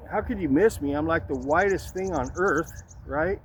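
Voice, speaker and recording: A man's voice: on the high side, lively intonation, moderate pace, a little hiss or hum, rough recording. A man talking casually on a walk through a city park, rambling through a story and tossing in "man" and "right?" as he goes. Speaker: vlogger. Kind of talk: casual walk-and-talk vlog.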